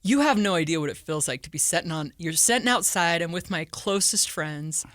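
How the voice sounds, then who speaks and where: A woman from southern Utah, a podcast guest telling her story in an open, animated way. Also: brisk, dry recording. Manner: animated, acts out quoted speech with big pitch jumps. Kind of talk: candid storytelling.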